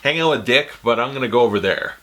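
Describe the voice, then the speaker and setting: A man's voice: mid-range voice, expressive, quick pace, bright, forceful tone. A man doing an offhand mocking impression of a smug, blunt male superhero. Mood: dismissive.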